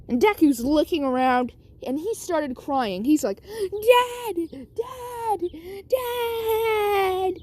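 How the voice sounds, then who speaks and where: A woman's voice: sits high, a little mellow. A woman casually telling an improvised story, rambling with lots of asides. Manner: rambling, many fillers and asides.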